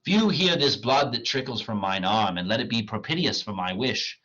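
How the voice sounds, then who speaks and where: A man's voice: mid-range voice, expressive, normal speed, a bit bright, muffled recording. Man reading as a proud soul-selling scholar. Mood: declaiming. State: voice cracking, strained. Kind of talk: dramatic reading of a play.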